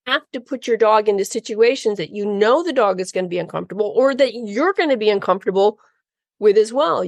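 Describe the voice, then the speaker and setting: A woman's voice: on the high side, no room sound, clean studio sound. A woman co-hosting a podcast, explaining dog training in a reassuring, casual way. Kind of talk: casual conversational interview.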